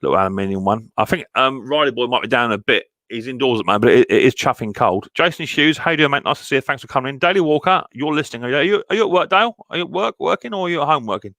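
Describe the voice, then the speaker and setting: A man runs a live stream, chatting casually and greeting viewers by name with lots of ums and easy asides. His voice sits at an ordinary middle pitch. The sound is dry and close, with no room echo. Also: animated, rapid-fire, few pauses, fairly bright tone.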